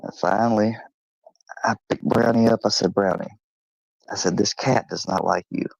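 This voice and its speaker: A man streaming from home, telling an animated story casually and swearing freely, and cooing at his dog. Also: moderate pace, creaky, dry recording, lo-fi sound. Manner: animated, swearing, high-pitched when imitating animals; coos at his dog in a high sing-song.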